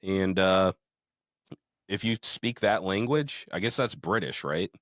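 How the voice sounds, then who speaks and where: A man's voice: low-pitched, takes it slowly, fairly bright tone, dry recording, studio quality. A man co-hosting a podcast in casual chat, swearing freely, joking and reading out listener mail. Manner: profane, joking, reads listener mail aloud. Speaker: podcast co-host.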